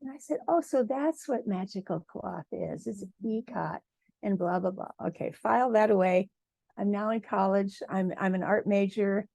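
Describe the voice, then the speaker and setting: A woman from Michigan, a textile artist, giving a lively personal talk at a symposium and acting out quoted dialogue. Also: mid-range voice, normal speed, creaky, dry recording. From Michigan, USA. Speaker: guest speaker, textile artist.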